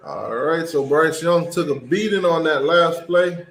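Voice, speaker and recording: Excitable man calling football plays. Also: on the high side, unhurried, vocal fry, echoey room, low-quality recording. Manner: excitable, shouts during big plays. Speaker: watch party host. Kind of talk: casual play-by-play commentary.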